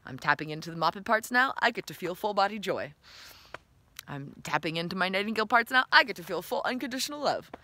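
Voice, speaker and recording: A woman's voice: medium pitch, lively intonation, fast talker, pushed and bright. A woman giving an enthusiastic, playful motivational talk to camera as a self-help vlogger. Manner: enthusiastic, breathy and playful, laughing often.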